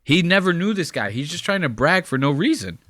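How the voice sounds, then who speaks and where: A man giving casual, profane reaction commentary, animated and mocking as he talks. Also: fairly high pitch, brisk, no echo.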